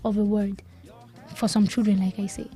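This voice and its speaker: A woman's voice: mid-range voice, flat delivery, moderate pace, mellow, soft background music. A woman from Nigeria, a speech and language pathologist, explaining as a radio guest and repeating key advice with emphasis.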